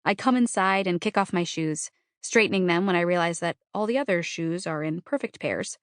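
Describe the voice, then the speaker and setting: A woman's voice: lowish voice, normal speed, no room sound, studio quality. A woman narrating a novel in the first person, with a wry, conversational, self-deprecating delivery. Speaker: audiobook narrator.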